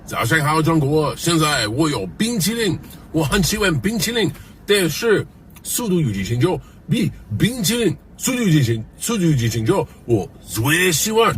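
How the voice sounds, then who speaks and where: A man in a played clip, speaking slowly and enthusiastically in a promotional way. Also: fairly high pitch, very animated, a bit bright, slight background noise.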